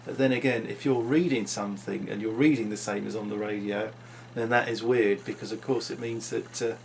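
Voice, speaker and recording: A man's voice: on the low side, steady tone, a little fast, vocal fry, a little mellow, a little hiss or hum. A man talking unscripted into his vlog, musing and rambling with frequent restarts. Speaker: vlogger.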